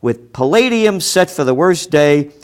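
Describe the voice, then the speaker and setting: A man hosting a forecasting show, delivering a combative, profane rant with loud bursts of shouting. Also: on the high side, animated, measured pace, clear, resonant tone. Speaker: host of a trend forecasting show. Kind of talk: ranting commentary.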